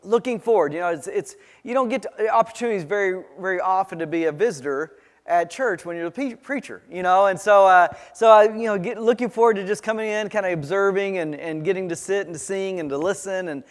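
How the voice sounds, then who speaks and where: A male pastor preaching a sermon, telling a personal story in a halting way, full of restarts and fillers. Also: high-pitched. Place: church sanctuary. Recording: church sanctuary with long reverb.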